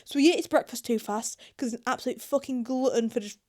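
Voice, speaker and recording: A woman's voice: fairly high pitch, fast talker, a little mellow. A young British woman reacting to online confessions in casual, blunt commentary, swearing freely. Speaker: YouTuber.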